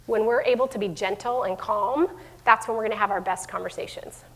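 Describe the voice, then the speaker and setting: A woman's voice: medium pitch, brisk. A middle-aged woman giving a parenting talk to an audience of parents, conversational, with many fillers and restarts. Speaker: school division head giving a parenting talk. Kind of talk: live presentation to parents. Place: room with an audience. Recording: long hall reverb.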